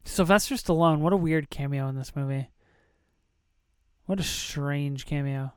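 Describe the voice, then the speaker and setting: An excitable podcast host talking over a movie, reacting emotionally and slipping into whispers at moving moments. The voice is smooth and clear, with a slow, unhurried pace and a dry, close sound. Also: mid-range voice, no echo.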